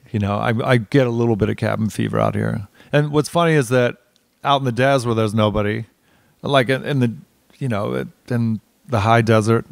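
Male guest, mid-range voice, wry, playful, halting delivery, dry close mic. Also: medium pitch, vocal fry, no room sound. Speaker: guest musician. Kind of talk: casual chat. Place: recording studio.

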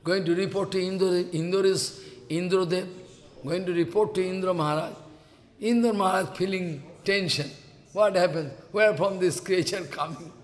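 A man's voice: high voice, normal speed. A man giving a devotional lecture, telling a story and acting out the dialogue of gods in raised voices. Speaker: spiritual teacher. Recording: long hall reverb.

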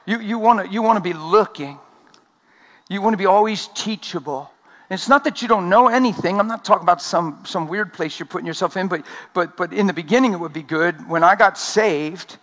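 A man preaching an energetic sermon at a conference, talking fast and laughing along the way. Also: high-pitched.

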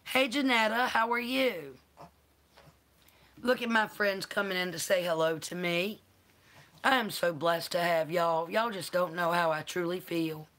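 Slow-talking woman host. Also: fairly low pitch, fairly even intonation, a bit bright. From North Carolina. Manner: affectionate, calls viewers honey and baby. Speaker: channel host. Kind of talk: live-stream chat, greeting viewers.

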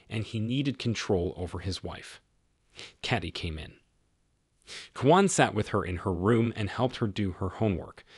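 A man narrating a scripted story in an even, matter-of-fact way. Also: on the low side, breathy edge, no room sound, clean studio sound.

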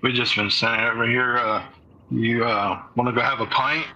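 A man's voice: medium pitch, fairly even intonation, moderate pace, sharp tone, muffled recording. A man voicing a male adventurer pretending to be drunk, slurred and loose. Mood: drunk-acting. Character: drunk-acting male adventurer feigning harmlessness.

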